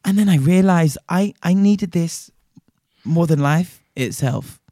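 A young man, co-hosting a casual chat, excitable and swearing as he gushes. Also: a little high, slow pace, no echo, clean studio sound. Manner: excitable, swears a lot, gushing. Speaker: podcast co-host.

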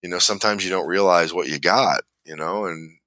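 A little fast and low-pitched with a sharp tone, the podcast host's voice comes through with no echo. He laughs while rambling through a long personal story, restarting repeatedly, in casual storytelling chat.

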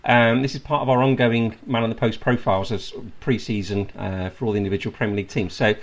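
A man's voice: fairly low pitch, fairly even intonation, fast, highs cut off. A man in his forties hosting a podcast, chatty and teasing, with plenty of filler uhs. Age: 40s. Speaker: podcast host. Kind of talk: casual chat.

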